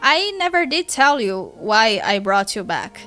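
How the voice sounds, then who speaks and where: A woman with a Brazilian Portuguese first language voicing a patient teenage girl who calms and coaxes a crying friend. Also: fairly high pitch, measured pace, faint music behind, voice pushed down, full character voice. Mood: coaxing. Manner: soothing, coaxing.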